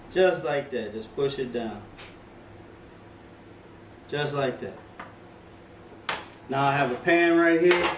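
A middle-aged man hosting a casual home cooking demonstration, joking and chatting straight to his viewers in relaxed slang. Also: mid-range voice, a little slow, pauses often, far from the mic. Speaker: home cooking video host. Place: home kitchen. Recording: echoey kitchen from off-mic, faint room noise.

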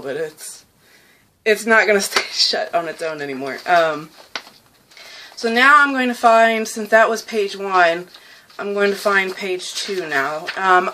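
A young woman vlogging casually about her journal, chatty and excitable, laughing often and full of fillers. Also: medium pitch, slight background noise.

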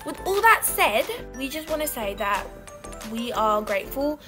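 A woman's voice: high-pitched, sing-song, moderate pace. A young woman co-hosting a casual gaming vlog, bubbly and rambling with lots of fillers. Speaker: channel co-host. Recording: music playing behind.

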